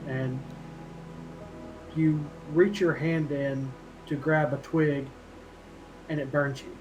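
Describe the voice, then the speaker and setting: Male game master, slow filler-laden narration, slightly high voice. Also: flat delivery, darkish tone, lo-fi sound, soft background music. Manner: unhurried, filler-heavy narration.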